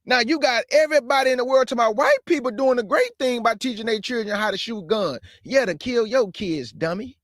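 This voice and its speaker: A man's voice: extremely high pitch, fairly quick, hardly any pauses, fairly bright tone, no echo, studio quality. A man hosting his own stream, talking in a fiery, preachy way, repeating his points and calling his listeners family. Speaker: show host. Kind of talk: impassioned livestream commentary.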